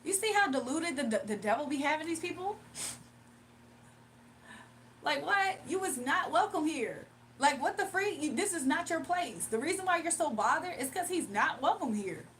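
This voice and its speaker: High-pitched woman streamer, indignant casual rant, faint hum behind. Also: normal speed. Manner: animated, indignant, emphatic with laughs. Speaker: live streamer and spiritual reader. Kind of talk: casual ranting livestream.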